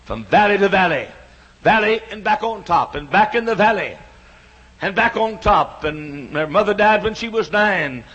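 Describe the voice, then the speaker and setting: A man in his sixties preaches with a high, husky voice, driving his points home through rhythmic repetition that swells into shouts. The recording is dull and lo-fi. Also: animated, moderate pace. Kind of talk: sermon. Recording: dull lo-fi sound.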